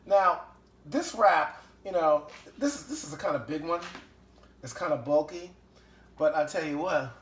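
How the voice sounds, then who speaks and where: A man's voice: on the high side, animated, a little slow, fairly bright tone, a little hiss or hum. Chatty guy cooking at home, voice jumps all over, echoey kitchen. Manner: chatty and enthusiastic, lots of fillers. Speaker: home cooking show host. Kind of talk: casual cooking demonstration.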